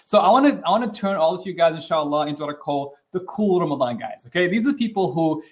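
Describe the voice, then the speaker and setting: A man's voice: on the high side, fast talker. Upbeat, casual man hosting a webinar. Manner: energetic, casual, acts out quoted reactions; sprinkles Arabic religious phrases. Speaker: webinar host and trainer. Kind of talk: interactive online teaching.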